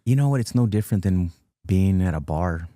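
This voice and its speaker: A man in his fifties talks through an earnest, reflective point in a casual podcast chat, with a low, mellow voice. The sound is dry and close, as from a studio mic. He keeps circling back with "listen, man". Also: animated, a little fast, no echo. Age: 50s. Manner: earnest, philosophical, says "dude" and "listen" often. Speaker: guest musician.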